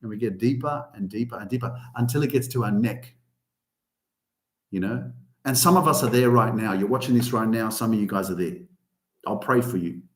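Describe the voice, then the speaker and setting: A man's voice: lowish voice, brisk, reverberant. A man hosting a podcast, giving an emphatic motivational rant full of swearing. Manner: animated, heavy swearing, emphatic. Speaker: podcast host.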